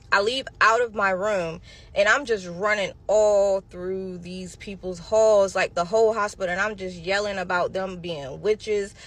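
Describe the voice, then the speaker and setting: A woman telling her own story to viewers in a casual, animated storytime, calling them y'all and honey. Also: mid-range voice.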